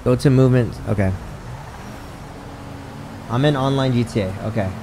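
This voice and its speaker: Over some background noise, a gaming streamer with a mid-range voice keeps up live play-by-play at a moderate pace. He reads the menus aloud and talks with his chat, and he gets excitable, swearing often and yelping in surprise when the game startles him.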